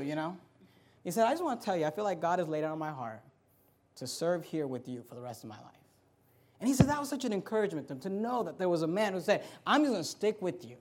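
High-voiced, animated male preacher. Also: quick pace. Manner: animated preaching with acted-out quotes and sudden loud bursts; humorous asides to the congregation. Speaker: pastor. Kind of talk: sermon.

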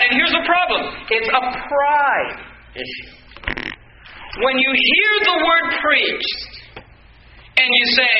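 High-voiced preacher in an echoey hall. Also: male voice, sing-song, takes it slowly, pauses often, distant mic, muffled recording, slight background noise. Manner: conversational preaching that rises to shouting. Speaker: pastor. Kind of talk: sermon.

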